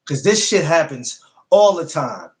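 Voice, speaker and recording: A man's voice: fairly high pitch, unhurried. A man hosting a casual podcast livestream, talking bluntly and profanely and repeating himself a lot. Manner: repetitive, blunt, profane, animated. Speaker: podcast host.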